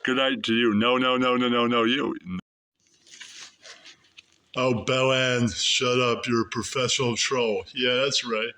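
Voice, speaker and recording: A man's voice: mid-range voice, little pitch movement, slow pace, pauses often, pushed and bright, no echo, far from the mic. A man, a YouTube host, throwing crude roast insults in a casual rant and laughing at his own jokes.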